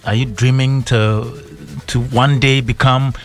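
A man's voice: medium pitch, level tone, measured pace. A Ghanaian man hosting a radio show, teasing his co-host with questions. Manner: teasing, questioning, laughs loudly. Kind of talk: casual studio banter.

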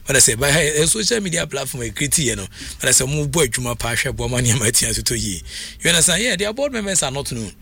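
A man with a Ghanaian accent, talking in an animated, casual way as a sports commentator, moving back and forth between English and Twi. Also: mid-range voice, quick pace, creaky, slightly rough. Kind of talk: casual chat.

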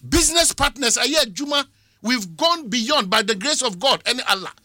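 An impassioned Ghanaian man speaks in a heated radio discussion, hammering his points home with repeated questions and phrases. His voice sits very high and sounds sharp and bright. The sound is close and dry, with no room in it. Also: animated, normal speed, dry recording. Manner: impassioned, repeats phrases insistently, mixes English with Twi. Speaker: radio talk show panelist.

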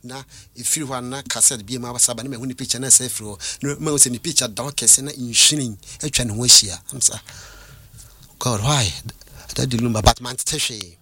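Male guest, steady mid voice, retells visions with restarts, dry recording. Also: medium pitch, breathy edge, dry recording. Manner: storytelling, recounts visions, mixes English phrases, halting restarts. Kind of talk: casual testimony in conversation.

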